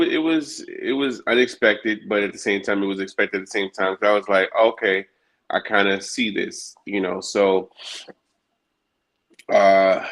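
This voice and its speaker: A man's voice: fairly low pitch, a bit bright. A man co-hosting a casual wrestling chat, rambling with many restarts and fillers. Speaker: podcast co-host.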